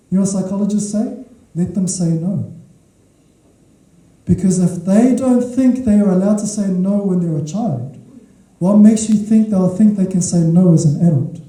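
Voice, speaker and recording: A man's voice: sits high, normal speed, warm tone. A man preaching a sermon as a pastor, emphatic, repeating his key points and checking in with the congregation. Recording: echoey hall from far off.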